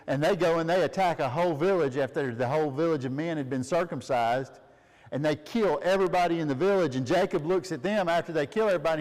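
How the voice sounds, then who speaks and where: Casual male Bible teacher, a bit high-pitched, chatty with questions and laughs, in a reverberant space. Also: quick pace, darkish tone. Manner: reads aloud, then asks listeners questions and laughs often. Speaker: family Bible study leader.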